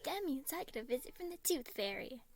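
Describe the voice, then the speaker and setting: A woman reading aloud and voicing a chaotic, joking, mischievous twin boy in a storybook, teasing and loud. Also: sits high, expressive, brisk, dry recording, voice pushed up. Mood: playful.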